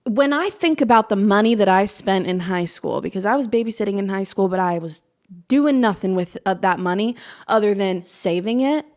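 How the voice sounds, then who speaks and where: Twenty-something girl yapping to camera, slight southern twang, laughs a lot, roasts herself, regular mid voice. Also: medium pitch. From Maryland. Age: 20s. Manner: chatty and animated, self-mocking, laughs often. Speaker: vlogger. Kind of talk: casual stream-of-consciousness chat.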